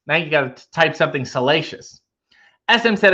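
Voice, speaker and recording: A man's voice: fairly high pitch, animated, fast talker, fairly bright tone, highs cut off. A Canadian man hosting a livestream from home, reading viewer comments with dry, joking asides. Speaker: livestream host. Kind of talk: casual chat reading comments.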